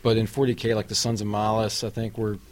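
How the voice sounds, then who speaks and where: A man's voice: fairly low pitch, level tone, fast talker. A man co-hosting a casual game podcast, explaining game lore in a rambling, hesitant way. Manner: rambling, hesitant, many fillers. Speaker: podcast co-host.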